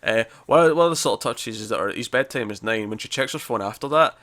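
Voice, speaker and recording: A man's voice: mid-range voice, lively intonation, fairly bright tone. Rambling man recapping a TV episode. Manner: rambling, restarts, acts out scenes in quick voices. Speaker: podcast co-host reviewing a TV episode. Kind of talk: casual spoiler review chat.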